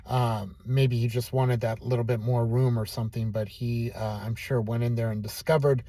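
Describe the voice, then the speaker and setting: A man calmly telling a self-deprecating personal story in a casual vlog. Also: medium pitch, moderate pace, dry recording. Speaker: vlogger.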